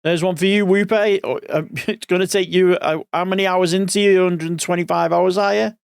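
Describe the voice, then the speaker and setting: A man's voice: high-pitched, steady tone, brisk, vocal fry, clear, resonant tone, no room sound, clean studio sound. A man in his forties giving casual gaming commentary as a streamer, rambling and thinking aloud, a bit sleepy. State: sleepy, yawning.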